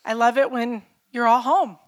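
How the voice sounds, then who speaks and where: A woman's voice: fairly high pitch, steady tone, moderate pace. Earnest middle-aged woman pastor preaching. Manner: earnest, personal storytelling with rhetorical questions. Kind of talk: sermon.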